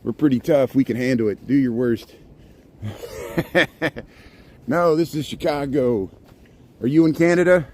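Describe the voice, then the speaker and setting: A man's voice: mid-range voice, measured pace, pauses often, a little mellow. A middle-aged man live-streaming as he walks outdoors, chatting in a rambling way and greeting viewers by name. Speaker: live-streaming walking vlogger. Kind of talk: casual live-stream chat. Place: outdoors on a snowy city street. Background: faint street ambience and passing vehicles.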